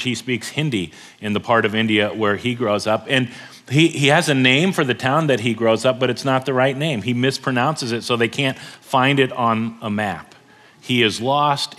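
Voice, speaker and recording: A middle-aged male pastor giving a sermon, telling a story earnestly and slowing down to stress key words. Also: mid-range voice, a bit bright. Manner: earnest storytelling, slows down for emphasis.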